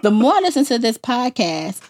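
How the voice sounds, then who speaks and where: A woman's voice: a little high, sing-song, normal speed, a little mellow. A woman from Harlem with a thick New York accent, co-hosting a podcast and ranting emphatically in casual chat. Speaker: podcast co-host.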